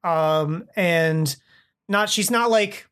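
A man's voice: high voice, extremely slow, fairly bright tone, clean tone. A man chatting as a podcast guest, rambling and enthusiastic, often acting out what people said. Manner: rambling, enthusiastic, acts out quoted speech. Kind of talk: casual chat.

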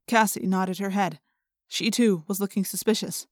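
A woman narrating a first-person audiobook in a steady storytelling manner. Her voice sits at an ordinary pitch for a woman. The recording is dry and close. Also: moderate pace, dry recording.

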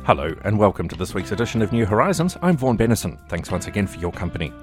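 Lively low-voiced male host. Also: very fast, soft background music. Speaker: radio program host. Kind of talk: radio interview introduction.

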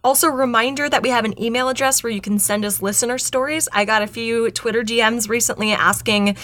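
A woman's voice: on the high side, fairly even intonation, fast talker, fairly bright tone. A woman co-hosting a podcast in casual, playful chat, joking around and thanking listeners. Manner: playful, jokey, talks of voice acting work. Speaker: podcast co-host.

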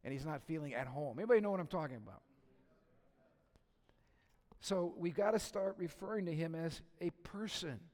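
A middle-aged male pastor with a slightly high voice gives a conversational, expressive sermon at a moderate pace, asking the congregation questions, adding humor, and leaving long pauses. He shifts between hushed, intimate passages and loud, emphatic peaks, with the long reverb of a church sanctuary around his voice.

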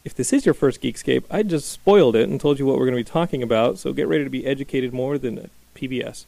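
Gravelly-voiced man hosting a podcast. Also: mid-range voice, fast talker, no echo. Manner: energetic, rambling, many fillers. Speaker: podcast host. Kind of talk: casual podcast chat. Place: small recording studio. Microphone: studio microphone.

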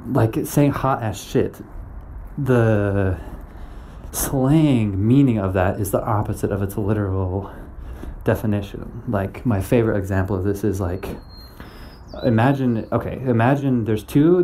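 A man records a rambling comedy podcast episode outdoors while walking, likely holding a phone. He talks slowly and playfully, breaking into giggles and silly sound effects. His tone is dark and mellow, with faint noise around him. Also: on the low side. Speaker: podcast host.

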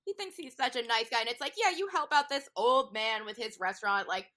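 A woman's voice: fairly high pitch, animated, fairly quick, bright, forceful tone. A woman co-hosting a casual chat, riffing in sarcastic, profane rants.

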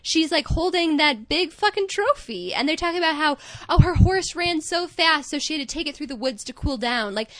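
A woman co-hosting a podcast, recapping a TV show in casual chat with lively, expressive delivery and frequent laughter. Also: high-pitched, a little fast, hardly any pauses. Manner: animated and expressive, laughs often. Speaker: podcast co-host.

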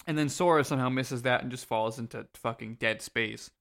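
A man's voice: mid-range voice, fairly quick, gravelly, fairly bright tone. A man co-hosting a casual podcast, laid-back, with crude jokes and lots of ums. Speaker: podcast co-host. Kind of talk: casual game-recap chat.

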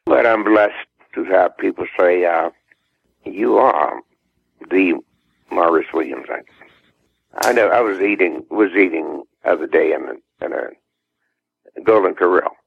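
Gravelly deep older Southern man. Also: slow, long pauses, no echo. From American South. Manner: laughs often, repeats words, warm down-home talk. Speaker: guest singer. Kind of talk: relaxed interview chat. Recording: dull muffled radio recording.

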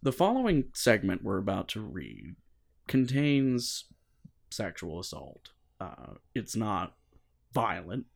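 A male podcast co-host with a lively, swooping voice, cursing freely in casual banter. He moves between reading a book aloud and joking with his co-host. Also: fairly low pitch, slow pace, gravelly. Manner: animated, swears freely, jokey.

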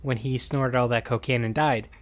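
A man's voice: mid-range voice, steady tone, normal speed. A man co-hosting a casual podcast, animatedly retelling a film's plot, acting out quoted lines and laughing often. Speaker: podcast co-host recapping a film. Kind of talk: casual chat.

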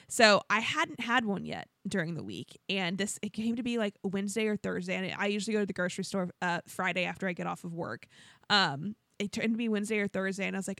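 A young woman co-hosting a podcast, telling a story in casual chat and acting out the quotes in a high voice. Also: lively intonation, a little fast, bright, forceful tone, dry recording, clean studio sound. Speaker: podcast co-host. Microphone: podcast studio microphone.

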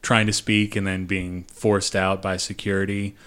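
Young man, low voice, joking casual podcaster. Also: flat delivery, fairly bright tone. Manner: joking, quick asides, filler words. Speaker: podcast co-host. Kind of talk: casual chat.

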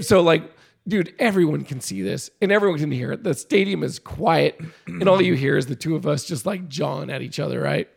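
A man casually telling a story about coaching youth baseball, animated and laughing often, getting loud when he reenacts yelling. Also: fairly high pitch, a little fast, vocal fry, breathy edge.

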